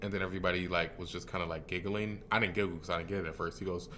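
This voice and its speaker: A man's voice: sits low, little pitch movement, very fast, pushed and bright, slight background noise. A man, a comedian hosting a podcast, telling stories in a laid-back casual chat, swearing and laughing often. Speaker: stand-up comedian, podcast host.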